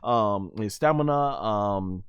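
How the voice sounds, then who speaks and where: A man hosting an anime review podcast, excitedly recapping fight scenes play-by-play with sound effects and frequent laughter. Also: lowish voice, takes it slowly, clear, resonant tone, no room sound, muffled recording. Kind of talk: excited episode play-by-play on a livestream.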